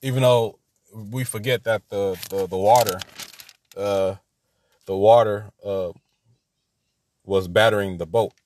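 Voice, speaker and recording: A man's voice: on the low side, steady tone, slow, pauses often, a little mellow. Rambling man teaching a Bible lesson. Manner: rambling, repeats himself, laughs at his own asides.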